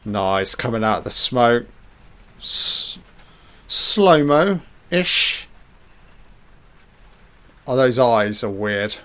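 A man's voice: mid-range voice, expressive, drawn-out words, pauses often, a bit bright. A man giving a casual, sarcastic and profane commentary over a film, tossing off laid-back asides.

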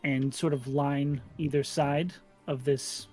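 Man, game master, tabletop narration, descriptive, unhurried, soft background music. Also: medium pitch, steady tone. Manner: descriptive, unhurried scene-setting.

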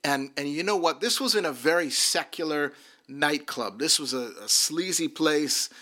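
A man's voice: a little high, normal speed, sharp tone. A man who works as a minister, telling his personal testimony earnestly and often repeating words as he restarts a sentence.

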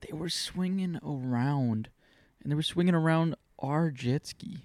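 A man's voice: fairly high pitch, unhurried, darkish tone, dry recording. A young man co-hosting a podcast, joking around in slangy casual chat. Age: young adult. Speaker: podcast co-host.

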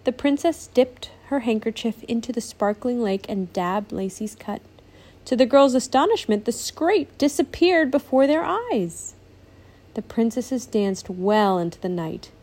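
A woman's voice: on the high side, animated, unhurried, darkish tone. A woman reading a storybook aloud to her child, patiently stopping to answer questions.

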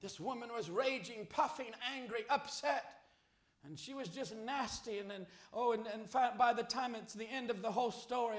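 A man preaching a sermon, telling a story and rising to shouted appeals. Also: very high voice, moderate pace. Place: church. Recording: echoey church hall.

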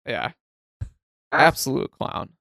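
A man's voice: takes it slowly, pushed and bright, no echo, clean studio sound. A young man co-hosting a podcast in casual chat, wry and laid-back, laughing often. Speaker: podcast co-host.

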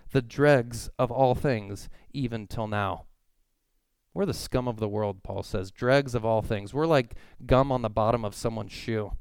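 A man's voice: medium pitch, clear, resonant tone, dry recording. A man preaching a sermon as a pastor, earnest, and he lifts his voice to stress key words.

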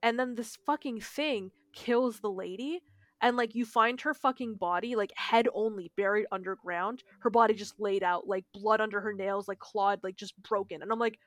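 A woman co-host talks loosely and swears often, getting animated as she recounts things. Her tone is bright and forward, and it sits close and dry, with no room sound. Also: mid-range voice, moderate pace, dry recording. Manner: animated, profane storytelling. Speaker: podcast co-host. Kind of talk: casual chat.

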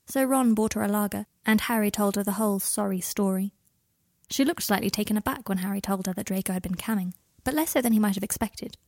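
A woman reading a story aloud in a soft, low-key narrating voice, recorded close in a dry room. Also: fast talker, no echo. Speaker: audiobook reader. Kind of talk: fan fiction reading.

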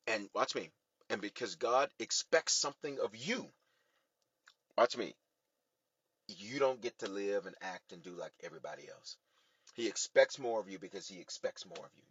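A male bishop preaches to viewers on a livestream, energetic and repeating his lines for emphasis. His pitch rises and falls widely, with a slightly husky edge. The sound is dry and a little dull, like a close phone mic on a stream. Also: dry recording. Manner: energetic, talks straight to online viewers, repeats phrases for emphasis. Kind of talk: livestream sermon.

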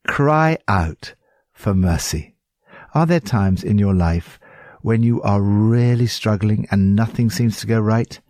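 A man's voice: lowish voice, takes it slowly, darkish tone, no room sound, clean studio sound. A man with an English accent giving earnest, pastoral devotional commentary on scripture.

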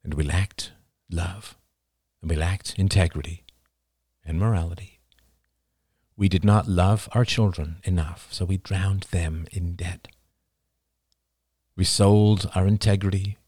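A man's voice: low-pitched, steady tone, slow, pauses often, darkish tone, breathy edge, no echo, studio quality, heavily acted. A man voicing Oliver, an earnest young man lecturing his friends with growing intensity about coming collapse. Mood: urgent lecturing.

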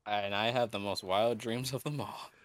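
A young man co-hosting a podcast, telling a story in a rambling, halting way full of fillers. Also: lowish voice, fairly even intonation, no room sound. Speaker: podcast co-host. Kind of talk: casual storytelling.

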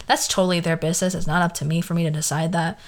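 A woman's voice: lowish voice, flat delivery, rapid-fire. A woman in her twenties with a Valley girl accent, hosting a casual solo podcast, rambling and filling her talk with "like". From the San Fernando Valley, California. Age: 20s. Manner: rambling, heavy use of "like", questioning tone. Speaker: podcast host.

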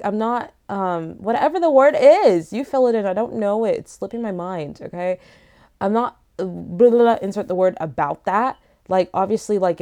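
A woman's voice: on the low side, mellow. A young woman hosting a casual solo podcast from home, rambling and joking with many fillers while lying down. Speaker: podcast host.

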